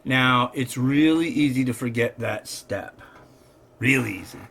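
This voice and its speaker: A man's voice: medium pitch, a little slow, creaky, a bit bright, slightly rough. A middle-aged man chatting casually in a rambling, wry way while cooking in his home kitchen. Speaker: host. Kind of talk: casual cooking vlog chat. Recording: noisy kitchen with clicks and crinkling.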